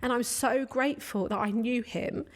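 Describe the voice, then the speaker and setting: A woman co-hosting a retreat, answering an audience question in a live Q&A, tearful and crying as she speaks, heartfelt and open. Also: on the high side. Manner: heartfelt, open, quick bursts of emotion. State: tearful, crying while talking. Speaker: retreat co-host.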